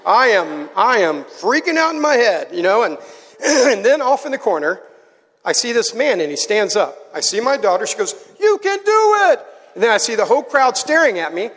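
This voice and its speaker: High-voiced animated preacher man. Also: normal speed. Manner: animated storyteller, asks the audience to join in. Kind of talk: sermon story to a live audience. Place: large hall. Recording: hall with long reverb.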